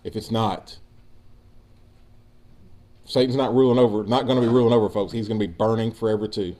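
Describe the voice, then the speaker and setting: A man's voice: on the low side, steady tone, a little fast, warm tone. A man preaching a sermon, building emphasis and speaking directly to his congregation. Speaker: pastor.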